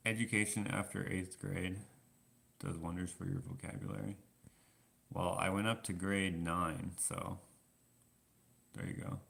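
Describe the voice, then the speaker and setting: A man rambling through a casual live-stream chat with viewers, self-deprecating and quick to laugh. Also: deep voice, level tone, vocal fry, fairly bright tone. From Canada. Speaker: vlogger answering live chat.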